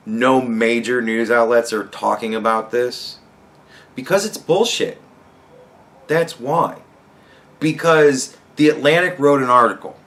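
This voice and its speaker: A young man hosting a podcast, ranting heatedly with constant swearing and rising to shouts. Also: medium pitch. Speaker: podcast host. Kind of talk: profane rant commentary.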